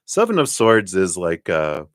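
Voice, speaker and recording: Deep-voiced man reading tarot cards. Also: wildly swooping pitch, measured pace, no room sound, studio quality. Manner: rambling, warm spiritual talk with fillers and laughs. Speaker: tarot reader. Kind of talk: live-stream card reading.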